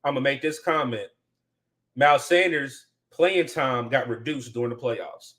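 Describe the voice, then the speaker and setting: A man's voice: medium pitch, moderate pace, fairly bright tone. A man co-hosting a casual sports chat, playful and emphatic. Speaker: podcast co-host.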